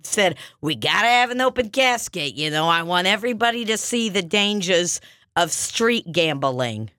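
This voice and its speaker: A woman's voice: on the low side, expressive, moderate pace, pushed and bright, dry recording, clean studio sound. Woman playing a brassy Long Island psychic. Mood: brash. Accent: Long Island, put on. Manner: brassy, bossy, rambling. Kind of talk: improvised comedy sketch.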